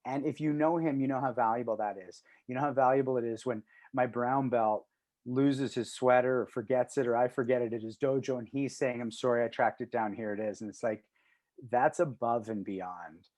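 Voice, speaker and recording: A man's voice: mid-range voice, fairly even intonation, moderate pace, darkish tone, dry recording. A middle-aged man co-hosting a martial arts talk show over a video call, earnest and rambling, swearing freely. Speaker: podcast co-host. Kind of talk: casual chat.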